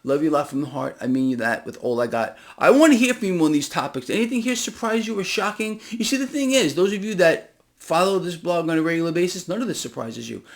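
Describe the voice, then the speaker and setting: Gravelly, ranting man on finance. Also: on the high side, big pitch swings, fast. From United States. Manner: emphatic, ranting, sarcastic, rising to near-shouting. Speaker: finance commentator. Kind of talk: impassioned solo market commentary.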